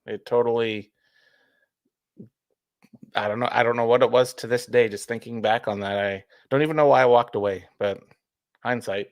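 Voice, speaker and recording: A man's voice: mid-range voice, steady tone, moderate pace, pauses often, no echo, clean studio sound. A man from British Columbia, a regular paranormal investigator guest, talking in a laid-back way. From British Columbia, Canada. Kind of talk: casual radio talk.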